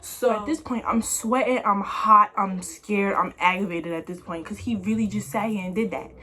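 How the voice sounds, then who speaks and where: A young woman vlogger telling a story in a casual, slangy, animated way. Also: medium pitch, normal speed. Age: young adult.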